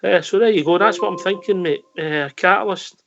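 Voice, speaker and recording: A man's voice: high-pitched, fairly quick, vocal fry, a bit bright, slight background noise. A Scottish man hosting a radio phone-in, chatting casually and teasing his callers. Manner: jokey, teasing. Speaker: phone-in host. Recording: dull lo-fi call audio.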